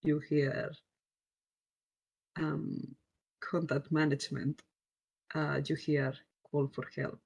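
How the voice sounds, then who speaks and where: A woman's voice: low-pitched, level tone, takes it slowly, vocal fry, pauses often, darkish tone, breathy edge. A woman narrating as game master in a tabletop game, hesitant and searching for words, often giggling.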